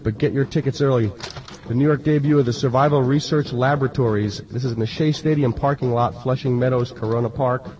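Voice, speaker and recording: A man's voice: mid-range voice, a little mellow. Male radio DJ, dry sardonic asides, rambling with fillers, faint background hiss. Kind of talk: casual radio patter. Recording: distant, dull lo-fi radio recording.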